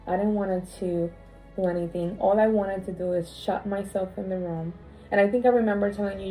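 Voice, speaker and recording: A woman telling a personal story in a heartfelt conversation, emotional and halting, often restarting her phrases. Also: mid-range voice, fairly even intonation, mellow, faint music behind, rough recording. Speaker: co-host sharing her story.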